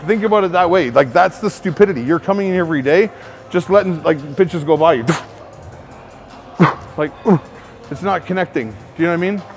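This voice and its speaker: A man's voice: on the high side, a little fast, long pauses, faint music behind. A man working as a personal trainer, rambling through casual coaching talk to the camera, swearing and filling gaps with "like". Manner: rambling, profane, filler-heavy.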